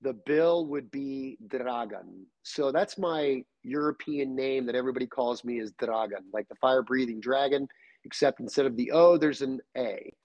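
A middle-aged man with a Serbian accent, a podcast guest telling loose, animated stories in casual chat. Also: mid-range voice, normal speed, dry recording, dull audio. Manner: animated, loose storytelling with many fillers.

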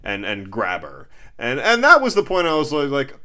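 A man's voice: mid-range voice, moderate pace, hardly any pauses. A man co-hosting a casual movie discussion, swearing freely and acting out scenes as he talks. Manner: animated, swearing, acts out scenes.

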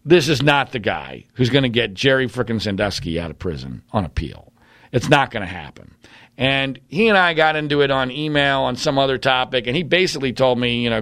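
Man, blunt and combative, mid-pitched, dry close mic. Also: fairly bright tone, no echo. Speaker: commentator. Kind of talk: opinionated monologue.

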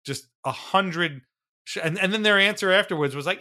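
A man's voice: high-pitched, expressive, quick pace, sharp tone. A man co-hosting a sports podcast, ranting in exasperation with frequent swearing and laughs. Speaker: podcast co-host. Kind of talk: casual sports talk.

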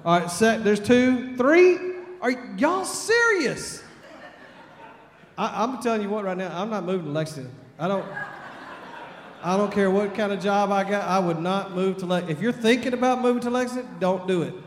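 A man from Texas, preaching at a revival and telling a folksy, animated story. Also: high voice, normal speed. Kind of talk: storytelling sermon. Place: church sanctuary. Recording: long church reverb.

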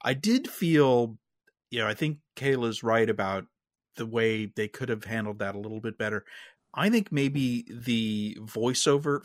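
A man co-hosting a podcast, giving his views in a measured, conversational way. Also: mid-range voice, fairly bright tone, no room sound, clean studio sound. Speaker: podcast co-host. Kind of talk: casual discussion.

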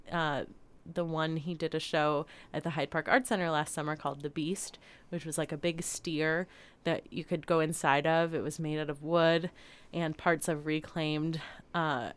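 A woman telling a story in casual chat, animated and laughing often. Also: low-pitched, normal speed, clear, resonant tone.

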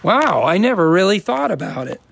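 Gravelly, higher-pitched man chatting. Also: very animated, moderate pace, fairly bright tone. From American Midwest. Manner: rambling, self-interrupting, amused. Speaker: actor guest. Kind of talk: casual interview chat.

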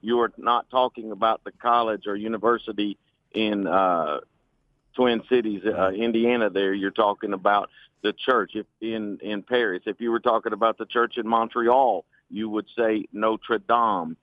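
A man's voice: on the low side, fairly even intonation, moderate pace, no echo. A man with an Alabama accent, a former missionary and French teacher, calling in to a radio talk show and explaining patiently with folksy humor. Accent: Southern US, Alabama. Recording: tinny phone line.

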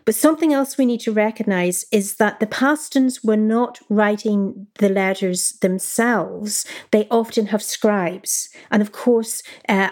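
A woman historian being interviewed, explaining her subject in a clear, measured, conversational way. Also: medium pitch, a little mellow. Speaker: historian guest.

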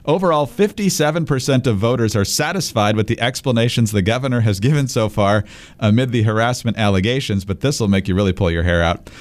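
A man co-hosting a political podcast, wry and steady, also reading the sponsor ads smoothly. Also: medium pitch, quick pace. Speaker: co-host. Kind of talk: political podcast commentary and ad read.

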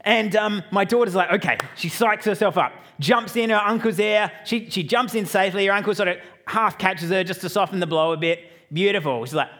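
An Australian man preaches in a fairly high voice, spinning a family story into a sermon. He keeps it lively, tossing joking asides to the people in front of him. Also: brisk, hardly any pauses. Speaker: pastor.

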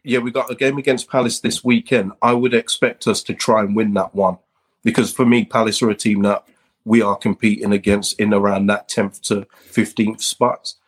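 A man with a low, slightly husky voice joins a casual football chat as a guest. He lays out his points in a steady, measured way. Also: rough recording.

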